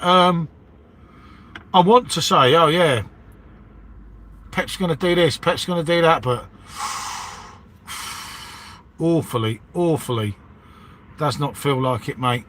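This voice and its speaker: Rambling bloke saying mate. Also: male voice, fairly high pitch, takes it slowly, pauses often, fairly bright tone. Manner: matey, rambling, says "mate" and "innit" constantly. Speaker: livestream host chatting with viewers. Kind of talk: casual live-stream chat.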